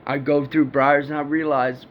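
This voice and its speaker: Flat in delivery and moderate in pace, this fairly high-pitched man recounts something that happened to him, rambling profanely and often laughing. Faint noise runs under a dull, lo-fi recording.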